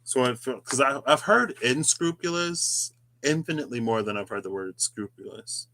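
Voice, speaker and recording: A man's voice: medium pitch, expressive, moderate pace, sharp tone. A man hosting a tarot reading video, musing aloud in a casual, rambling way with chatty asides. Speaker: tarot reader, channel host. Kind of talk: casual reflective monologue.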